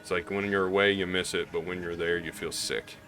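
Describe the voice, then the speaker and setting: A man's voice: sits low, flat delivery, a little fast, pushed and bright, faint music behind. A man from Missouri with a slight Southern drawl, talking candidly in a rambling gaming vlog, with many restarts. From Missouri, US Midwest. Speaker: gaming YouTuber. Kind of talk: casual gaming vlog commentary.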